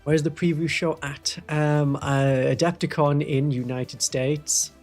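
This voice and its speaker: A man's voice: a little high, steady tone, slow, a little mellow, faint music behind. A man with a toned-down Northeast English accent, chatting with viewers on a live stream in a wry, rambling way. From Northeast England. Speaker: Warhammer streamer. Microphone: studio microphone.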